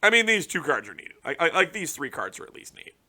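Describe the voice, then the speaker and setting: A young man giving casual, profane reaction commentary on a card game release, ranting in exasperation with sudden loud outbursts. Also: on the high side, sing-song, fast talker. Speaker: card game content creator.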